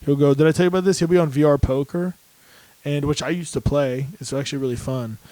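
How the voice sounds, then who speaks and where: A young man co-hosting a podcast, telling laid-back stories in casual chat and mimicking other people in higher voices. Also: fairly even intonation, fast, dark tone, dry recording, rough recording. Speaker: podcast co-host.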